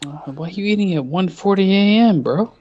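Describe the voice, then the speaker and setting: A man's voice: high-pitched, fairly quick, darkish tone, highs cut off. A man chiming in on a sports livestream with teasing jokes and wordplay.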